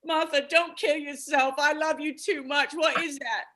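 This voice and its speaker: A woman improvising a despairing poor mother on stage, dry and quick. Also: high-pitched, fairly even intonation, a bit bright. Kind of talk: improvised live stage comedy.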